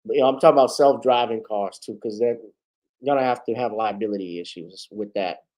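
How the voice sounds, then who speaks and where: A man hosting a casual solo talk show, rambling from point to point with plenty of asides. His voice is mellow and warm, and he is going a bit hoarse. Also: fairly low pitch, a little fast. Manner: rambling, chatty, with many asides. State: losing his voice. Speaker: host.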